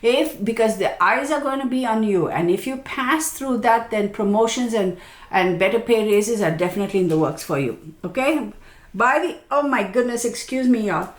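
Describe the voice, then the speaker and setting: A woman's voice: a little high, animated, moderate pace. A woman astrologer giving a casual yearly forecast, chatty and self-mocking, often checking in with her viewers. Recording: echoey room.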